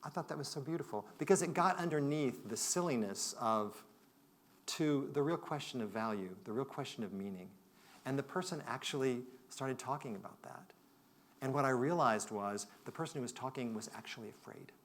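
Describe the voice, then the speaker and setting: A man giving a conference talk, telling a story in a reflective way that moves between loud and hushed. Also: mid-range voice, moderate pace. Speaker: conference speaker. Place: conference hall.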